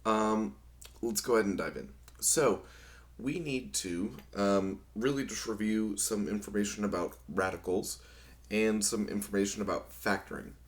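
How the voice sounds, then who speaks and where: A man explaining math problems in a recorded lesson, his voice slightly hoarse because he is losing it. He speaks in a lowish register, relaxed and unhurried, with frequent ums as he works through each step. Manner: relaxed, many ums, talks through steps. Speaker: math instructor. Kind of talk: recorded lecture.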